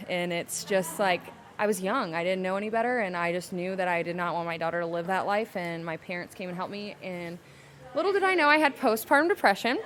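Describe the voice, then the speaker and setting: A young adult woman, a podcast guest telling her personal story candidly and emotionally, slowing down to hold back tears. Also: fairly low pitch, steady tone, a little hiss or hum. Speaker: podcast guest, salon owner.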